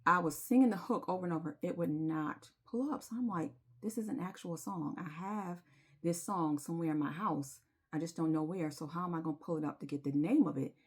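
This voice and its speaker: A woman's voice: on the low side, fairly quick, husky. A woman, telling her viewers a personal story in a confiding, emotional way and singing bits of a chorus. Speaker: spiritual vlogger.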